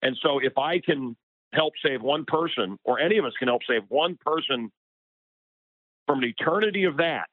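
A man's voice: fairly high pitch, lively intonation, normal speed, dry recording. A man, a radio personality, talking as a guest in an interview, impassioned and getting worked up as he speaks. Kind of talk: heated interview conversation. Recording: tinny phone line.

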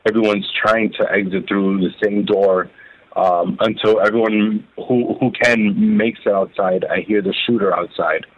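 A man telling his own story as an interview guest, halting and repeating words as he recounts it. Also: lowish voice, steady tone. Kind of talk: emotional first-person testimony. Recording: phone-like narrow band.

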